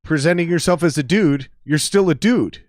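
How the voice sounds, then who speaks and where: A man's voice: on the high side, normal speed, dry recording, clean studio sound. A man hosting a casual podcast, arguing his point bluntly and emphatically with lots of swearing. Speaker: podcast host.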